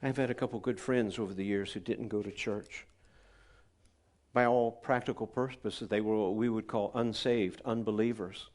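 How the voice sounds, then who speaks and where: A man's voice: lowish voice, steady tone, moderate pace, darkish tone. A male pastor, telling stories in a chatty sermon and asking his congregation questions. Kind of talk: conversational sermon storytelling. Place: church gathering.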